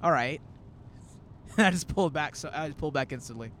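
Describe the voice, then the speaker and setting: A man's voice: a little high, expressive, fast, fairly bright tone, slight background noise. A man in his twenties, a comedian hosting a casual road-trip chat, telling rambling stories full of quoted asides. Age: 20s. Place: in a moving car.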